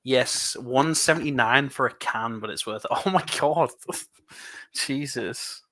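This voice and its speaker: A man's voice: mid-range voice, bright, forceful tone. A man from England with an English accent, chatting and rambling casually while building LEGO on a livestream. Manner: chatty, rambling, quick laughs. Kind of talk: casual chat.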